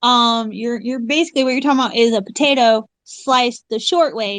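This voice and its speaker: American woman, high voice, dry sound, brash casual chat. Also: a little fast, hardly any pauses, fairly bright tone, no room sound. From United States. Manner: brash, swearing, laughing banter. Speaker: participant in online group chat.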